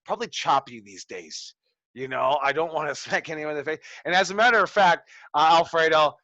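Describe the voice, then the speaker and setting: Profane forty-something wrestling coach. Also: male voice, a little high, animated, brisk, sharp tone, dry recording, highs cut off. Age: 40s. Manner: loose, profane, storytelling with acted quotes. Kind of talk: casual classroom talk to students. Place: training school.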